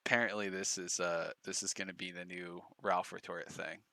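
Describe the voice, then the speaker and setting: A man's voice: deep voice, fairly even intonation, moderate pace, gravelly, bright, forceful tone, dry recording. A man streaming, giving casual, profane, mocking commentary on clips.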